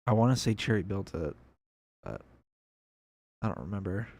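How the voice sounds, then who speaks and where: Low-voiced man rambling through gameplay. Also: moderate pace, gravelly, long pauses, dry recording. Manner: rambling, relaxed, thinking aloud with fillers. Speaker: gameplay video creator. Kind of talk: casual game commentary.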